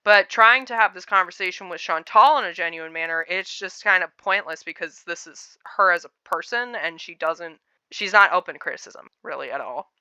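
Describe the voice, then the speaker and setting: Woman commentator, sarcastic and blunt, with a bright, very clean voice and a lowish pitch. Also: fairly quick, clean tone, dry recording. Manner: blunt, sarcastic, frequent filler words. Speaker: commentary YouTuber. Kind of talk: casual reaction commentary.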